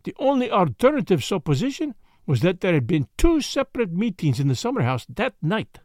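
A man reading the part of a grave, self-assured male detective with a pompous, deliberate manner. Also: sits high, very animated, a little mellow, no room sound, clean studio sound. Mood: explaining. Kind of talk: audiobook character reading.

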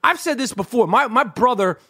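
A man's voice: very high-pitched, lively intonation, a little fast, sharp tone, slightly rough. A middle-aged man, ranting heatedly and swearing often, stumbling over repeated words as he talks on a podcast. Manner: fired-up, profane, repeats words when searching. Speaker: podcast co-host. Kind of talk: heated casual rant.

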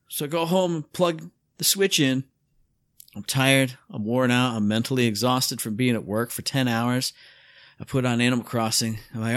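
A man co-hosting a podcast in casual chat, telling stories with lively acted-out asides. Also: normal speed, dry recording. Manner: animated storyteller, acts out his own inner voice with big pitch jumps. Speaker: podcast co-host.

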